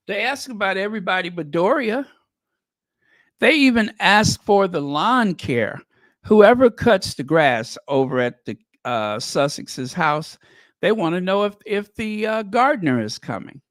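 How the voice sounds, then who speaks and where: Slow-talking, sarcastic male commentator. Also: sits high, very animated, fairly bright tone, dry recording. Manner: sarcastic, mocking, rambling with many fillers. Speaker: commentary channel host. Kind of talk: casual commentary.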